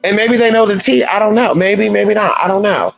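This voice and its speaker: A man's voice: brisk, gravelly, faint music behind, low-quality recording. A man hosting a livestream, chatting casually and telling gossipy stories in a sassy way, calling his listeners girl and honey. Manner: sassy, gossipy, swooping pitch. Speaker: livestream host. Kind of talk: casual chat storytelling.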